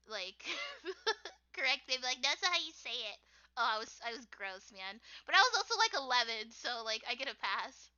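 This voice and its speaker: Giggly young American woman, bright high voice. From United States. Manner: giggly, rambling, lots of fillers. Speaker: artist streamer. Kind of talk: casual chat while drawing. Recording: dull lo-fi stream audio.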